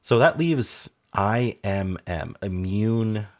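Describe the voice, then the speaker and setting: A deep-voiced man with a slightly sore throat works through word puzzles out loud. He mutters and trails off while thinking, then brightens with quick asides to the viewer. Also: animated. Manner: muses half to himself, trails off, sudden brighter asides. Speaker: puzzle game streamer. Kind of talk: casual thinking aloud while solving puzzles.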